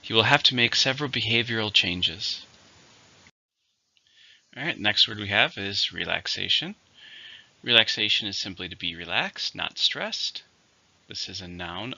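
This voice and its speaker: A man with a rather low voice and a very bright, sharp tone teaches English vocabulary. He counts syllables, marks the stress and says each word with care. The recording sounds slightly dull and lo-fi. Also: lively intonation, vocal fry. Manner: slow, deliberate word drills with example sentences. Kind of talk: vocabulary lesson.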